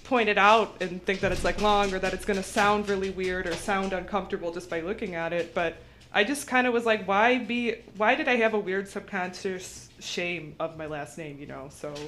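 Young woman, bright tone, rambling self-deprecating podcast chat. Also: medium pitch, normal speed, a little hiss or hum. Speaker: comedian podcast co-host. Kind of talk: casual chat.

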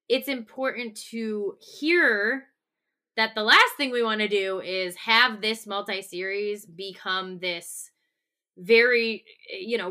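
A woman co-hosting a podcast, talking earnestly and gently, often restarting her sentences. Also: medium pitch. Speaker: podcast co-host. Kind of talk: casual podcast talk.

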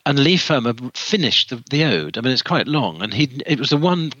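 Guy being interviewed, bright voice, keeps restarting, dry and kinda dull-sounding. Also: medium pitch, big pitch swings, a little fast, no echo. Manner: hesitant, many restarts and fillers. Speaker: author and guest. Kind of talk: storytelling in an interview.

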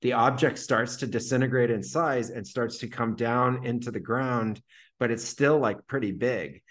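A man's voice: medium pitch, normal speed, fairly bright tone. A man being interviewed as a podcast guest, telling a long personal story casually with lots of "like" fillers. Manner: vivid retelling full of "like" fillers.

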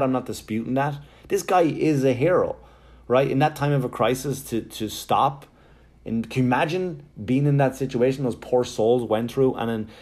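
A comedian in middle age works a stand-up set, swearing freely and acting out little scenes of what he and others say. His voice sits at an everyday male pitch, with a lively storytelling push behind it. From Ireland. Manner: animated, profane storytelling with acted-out quotes.

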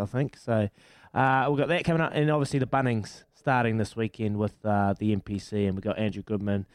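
A man with a New Zealand accent hosting sports radio in a relaxed, matey way, chatting and laughing easily. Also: mid-range voice, smooth, no room sound. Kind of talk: casual sports radio chat. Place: radio studio. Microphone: studio mic.

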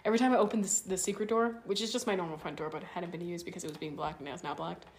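A woman's voice: on the low side, fairly even intonation, very fast, a little hiss or hum. A woman co-hosting a podcast in casual chat, joking and rambling through her points. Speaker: podcast co-host.

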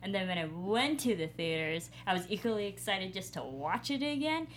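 A woman's voice: mid-range voice, big pitch swings, normal speed, slight background noise. A woman on a casual film review panel, gushing with enthusiasm.

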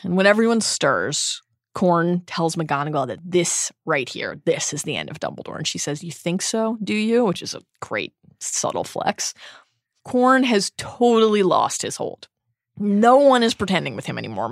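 A woman co-hosting a podcast, recapping book chapters in brisk summary with emphatic asides. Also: on the low side, vocal fry, dry recording, studio quality. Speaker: podcast co-host.

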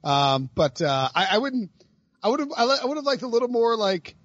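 A man's voice: extremely high pitch, sing-song, normal speed, fairly bright tone, no room sound, highs cut off. A man hosting a podcast in casual chat, rambling and laughing with many restarts. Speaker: podcast host.

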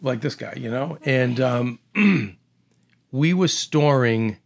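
A middle-aged man from the Boston area telling an animated story in casual conversation, acting out voices and often restarting his sentences. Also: medium pitch, slow pace, creaky.

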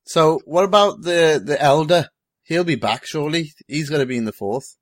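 A man hosting a casual film discussion, animated and quick to swear. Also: a little high, no room sound, clean studio sound. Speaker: host.

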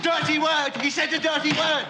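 A man's voice: extremely high pitch, flat delivery, moderate pace, far from the mic, loud music behind the voice. An actor playing an impish, cheeky male servant with a mischievous way of talking. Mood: frantic shouting. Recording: noisy, echoey film soundtrack.

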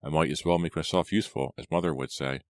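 A man's voice: very deep voice, fairly even intonation, quick pace, dry recording. A man reading aloud and voicing a jealous, distraught young woman in an audiobook, with trembling outbursts. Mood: musing.

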